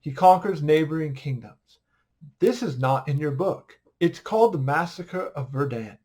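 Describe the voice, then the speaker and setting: A man's voice: a little high, animated, moderate pace, a little mellow. A man teaching an online history class in a casual, upbeat way, joking and quizzing his students as he goes.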